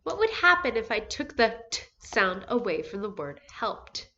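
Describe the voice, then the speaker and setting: A woman teaching a phonics lesson to first graders, speaking slowly and clearly, sounding out letters and praising answers. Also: fairly high pitch, big pitch swings, sharp tone, muffled recording. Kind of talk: phonics lesson for young children.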